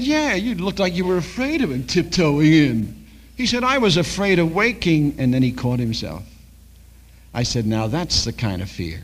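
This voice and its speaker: A man's voice: on the high side, sing-song, normal speed. An older man preaching a sermon as a pastor, telling stories and acting out the dialogue.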